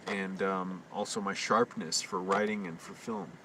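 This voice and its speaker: A man rambling through a late-night livestream monologue, talking quietly and anxiously to himself with frequent restarts. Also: low voice, fairly even intonation, unhurried. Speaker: live streamer. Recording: distant mic with constant hum.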